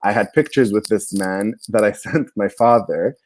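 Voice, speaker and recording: A man's voice: lowish voice, moderate pace, darkish tone, slight background noise. A male comedian, a guest on a casual podcast, who tells a story and laughs at his own punchline. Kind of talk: casual chat.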